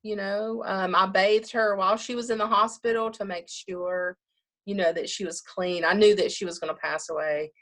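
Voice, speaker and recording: A woman's voice: mid-range voice, steady tone, normal speed. Chatty woman funeral director. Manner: warm, chatty, laughs often, quotes people in dialogue. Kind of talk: casual conversational interview.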